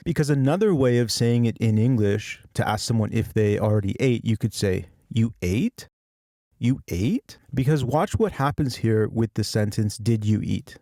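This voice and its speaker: Man, language tutor, patient explainer, mellow tone, dry close mic. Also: medium pitch, no echo. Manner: patient, repeats example phrases with rising question intonation. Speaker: language teacher.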